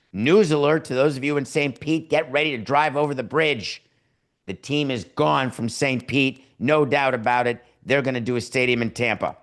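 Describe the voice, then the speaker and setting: A man's voice: medium pitch, fairly bright tone. A man hosting a podcast from his home studio and giving sarcastic, riffing sports commentary. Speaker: podcast host.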